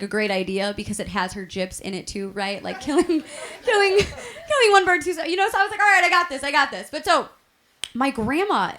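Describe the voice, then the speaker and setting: A woman's voice: high voice, pushed and bright. A young woman from Chicago doing a chatty stand-up comedy set on stage, laughing at her own jokes. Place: stage at a variety show taping.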